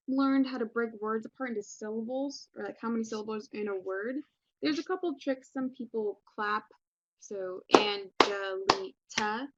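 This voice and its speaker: A woman's voice: fairly high pitch, no echo. Young woman, English teacher, casual recorded lesson, chatty with ums, dry close sound, dull lo-fi mic. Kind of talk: recorded online class lesson.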